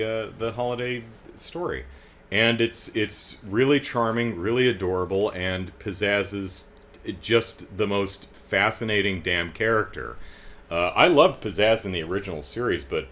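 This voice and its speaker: A man's voice: low-pitched, a bit bright. A middle-aged man hosting a casual commentary, chatting with frequent fillers and restarts and wry, amused asides. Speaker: host reading and discussing comics.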